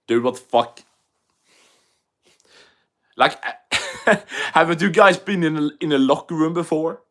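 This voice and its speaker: A man from Sweden with a Swedish English accent hosts a casual MMA livestream. He swears often, jokes around and reads viewer messages aloud. His voice sits on the high side and his pace is slow. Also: lively intonation, fairly bright tone. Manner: profane and joking, reads chat aloud.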